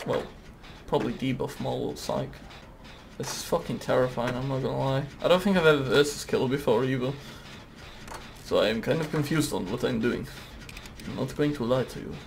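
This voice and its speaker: Excitable swearing gamer, gravelly. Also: male voice, mid-range voice, moderate pace, a little hiss or hum. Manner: excitable, swears often, talks to the game. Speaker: gaming YouTuber. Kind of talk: casual gameplay commentary.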